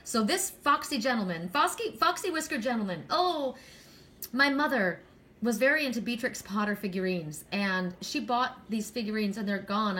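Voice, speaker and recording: A woman's voice: mid-range voice, lively intonation, moderate pace, fairly bright tone. A middle-aged woman doing an oracle card reading, talking in a rambling, chatty, gushing way. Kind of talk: casual card reading monologue.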